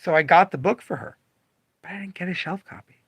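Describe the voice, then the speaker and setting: A man's voice: high voice, fairly quick, breathy edge, no echo. A man who owns a comic shop, talking casually on a livestream and acting out customers' voices. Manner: animated, acts out customer voices.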